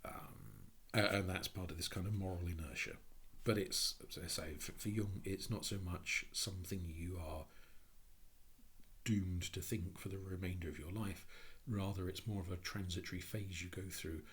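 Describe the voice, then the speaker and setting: A man with a low, deep voice talks through his ideas. The voice is heavily husky and rough-edged, and he pauses and restarts as he works out each thought. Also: a bit bright. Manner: halting, thoughtful, frequent restarts and fillers. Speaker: speaker on Jungian psychology. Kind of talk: reflective spoken talk.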